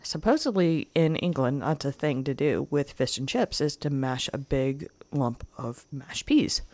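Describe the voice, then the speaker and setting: A woman co-hosting a podcast, telling trip stories in an animated way and laughing often. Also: rumbling low, a little slow, no echo. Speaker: podcast co-host. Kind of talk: casual chat.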